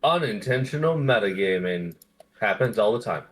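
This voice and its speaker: A man's voice: on the low side, animated, moderate pace. A young man playing a character in a tabletop game, chatting casually, swearing and poking fun at himself. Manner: swears casually, self-mocking. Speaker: player.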